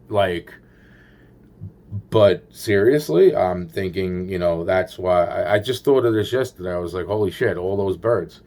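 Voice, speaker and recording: A man rambling through a paranoid personal story, swearing constantly and restarting his sentences. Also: deep voice.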